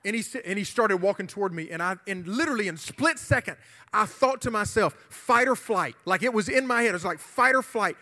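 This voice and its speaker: A man preaches to a youth group, his bright, fairly high voice carried by a long hall reverb. He tells stories animatedly and breaks into loud shouts. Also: quick pace. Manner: animated, shouting during the retold confrontation. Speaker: youth pastor. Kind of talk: sermon with storytelling.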